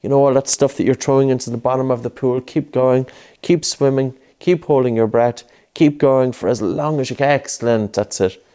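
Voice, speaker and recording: A man's voice: mid-range voice, steady tone, moderate pace, mellow, smooth. A man coaching a child through breathing exercises, patient and coaxing, repeating his cues. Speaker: breathing instructor. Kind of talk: guided breathing lesson with a child.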